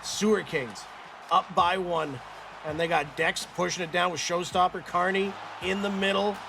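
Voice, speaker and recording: A man doing lively play-by-play on a live stream, joking and reading out viewer messages. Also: sits high, normal speed, creaky, background noise. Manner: upbeat, jokey, reads chat aloud. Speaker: play-by-play caster. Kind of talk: live stream game commentary. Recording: stream mic with game music behind.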